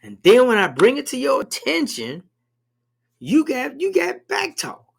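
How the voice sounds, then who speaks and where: A man with a high, gravelly voice co-hosts a relaxed conversation. He speaks in a preachy, emphatic way and likes to ask leading questions. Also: a little slow. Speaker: podcast co-host. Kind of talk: casual conversation.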